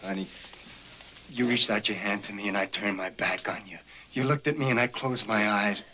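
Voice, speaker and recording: A guilty, pleading young husband. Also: male voice, lowish voice, moderate pace. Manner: soft, hesitant, stammering. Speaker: film actor. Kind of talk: 1950s film drama acting.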